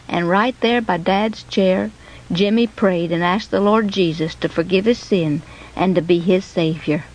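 A woman narrating a scripted children's story in an expressive, animated way. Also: on the low side, a little slow, low-quality recording.

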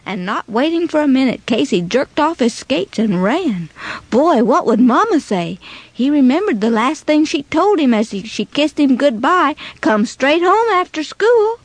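A woman narrating a children's moral story in a dramatic, expressive way. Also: high voice, measured pace, no room sound.

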